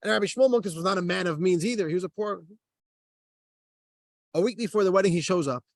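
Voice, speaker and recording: A man's voice: high-pitched, fast talker, dry recording. A man, a rabbi, teaching a class and telling a story, acting out the characters' dialogue with animation.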